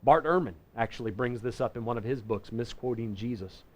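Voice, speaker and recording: Folksy man teaching scripture. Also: medium pitch. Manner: folksy and conversational, reading scripture slowly and deliberately; self-correcting with frequent restarts. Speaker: pastor teaching a Bible class. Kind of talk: verse-by-verse Bible teaching.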